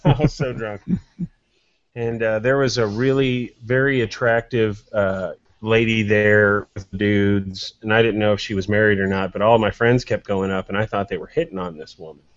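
A man's voice: on the low side, level tone, normal speed, hardly any pauses, no echo, muffled recording. A middle-aged man, a guest telling bawdy, joking stories during a casual cigar-smoking chat. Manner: bawdy storyteller, brash and joking.

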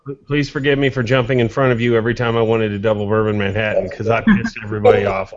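A man's voice: mid-range voice, flat delivery, fast talker, highs cut off. A middle-aged man, a guest telling bawdy, joking stories during a casual cigar-smoking chat. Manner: bawdy storyteller, brash and joking.

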